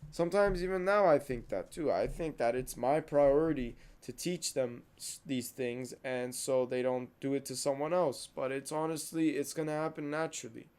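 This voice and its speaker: A man's voice: fairly high pitch, a little mellow. A young man hosting a podcast, venting in a casual monologue, heated and repeating himself. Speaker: podcast host.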